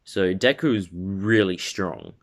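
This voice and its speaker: A man's voice: sits low, slow pace. A young man casually telling a made-up story from his room at home, rambling with lots of fillers and self-corrections. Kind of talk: casual spoken fan story.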